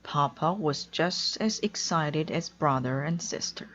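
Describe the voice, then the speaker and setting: A woman reading a children's storybook aloud in a clear, deliberate storytelling way. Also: deep voice, a bit bright, highs cut off. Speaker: storybook reader. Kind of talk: children's read-aloud narration.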